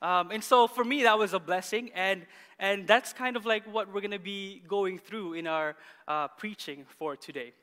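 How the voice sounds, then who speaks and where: A man in his thirties preaching a sermon as pastor, animated and often laughing as he tells a story. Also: high-pitched, moderate pace. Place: church hall. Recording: long church hall reverb.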